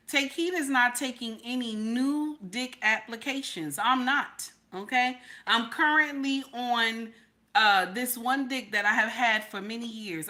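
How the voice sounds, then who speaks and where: Older woman, live-stream reaction host, sassy and emphatic, high bright voice. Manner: sassy, repeats "okay?" often. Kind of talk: casual live-stream commentary.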